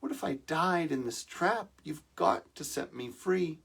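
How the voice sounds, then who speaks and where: A man's voice: fairly high pitch, lively intonation, unhurried, creaky, a bit bright, slightly rough, pitched above the performer's own voice, heavily acted. Man doing a coaxing mother mountain lion. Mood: pleading. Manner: sweet-talking, coaxing.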